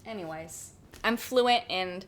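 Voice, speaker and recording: A woman in her late twenties co-hosting a podcast, chatting in a lively way and telling stories with frequent laughter. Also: mid-range voice, takes it slowly. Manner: lively, laughs often, animated storytelling. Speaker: podcast co-host. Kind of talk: casual chat.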